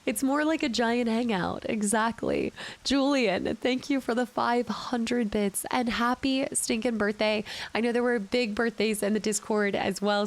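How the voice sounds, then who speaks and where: A woman game streamer with a sick-sounding voice, chatting casually and thanking her viewers by name at the end of a stream. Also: fairly high pitch. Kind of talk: casual stream sign-off chat.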